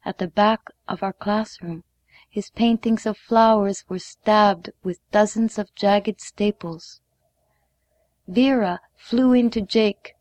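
A woman reads a first-person story aloud, slow and measured, sometimes dropping to a hush. Her voice sits in the middle of the range, and the recording is dry and close. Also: medium pitch, no room sound. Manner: measured, deliberate, sometimes hushed. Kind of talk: reading a memoir story aloud.

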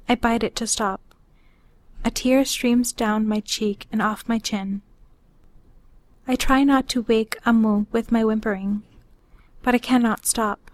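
A woman reading her own personal story aloud in a measured, unhurried way. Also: on the high side.

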